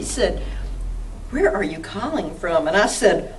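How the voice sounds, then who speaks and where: A middle-aged woman spins stories with a somewhat low voice, acting out both sides of old conversations and breaking into laughter. The mic sits some way off, and a faint hiss of background noise runs underneath. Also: slow, vocal fry, distant mic. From Mississippi, US South. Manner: lively, acts out dialogue, laughs often. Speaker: author, interview guest. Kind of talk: animated anecdotal storytelling. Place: arts council interview room.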